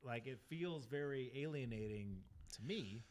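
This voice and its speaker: A man's voice: mid-range voice, expressive, a little slow, darkish tone. Rambling male podcast co-host. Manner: rambling, restarts often, thinks aloud. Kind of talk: casual chat.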